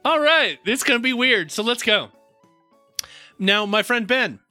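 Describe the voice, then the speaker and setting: Bright, high-voiced man hosting a podcast. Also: lively intonation, measured pace, dry recording, faint music behind. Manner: playful, wordy, mock-formal. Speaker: podcast co-host. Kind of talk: casual podcast chat.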